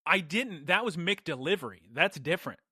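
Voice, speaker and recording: A man hosting a casual podcast, his voice bright and forceful, a little higher than most men's. He tells stories with animated energy and laughs often, on a dry, close recording. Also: normal speed, slightly rough, no echo. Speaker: podcast host.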